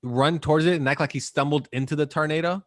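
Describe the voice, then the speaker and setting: A man co-hosting a casual podcast, talking in an animated, jokey way and acting out quick bits of movie dialogue. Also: a little high, no echo, studio quality. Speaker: podcast co-host. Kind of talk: casual chat.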